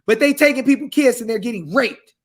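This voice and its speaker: High-pitched guy preaching hard, aave, reads scripture then yells about it. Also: expressive, a little fast. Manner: fiery, shouting, reads scripture aloud. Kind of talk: impassioned preaching.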